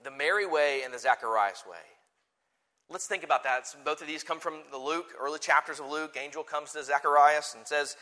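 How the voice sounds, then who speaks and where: A man preaching a sermon, moving from quiet conversational asides to loud, forceful declarations. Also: on the high side, normal speed. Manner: animated, swings from soft asides to forceful declarations. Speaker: pastor.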